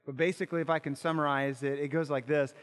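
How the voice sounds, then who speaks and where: Man, pastor, impassioned sermon, high-pitched voice, repeats words, reverberant hall. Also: fairly even intonation, fast.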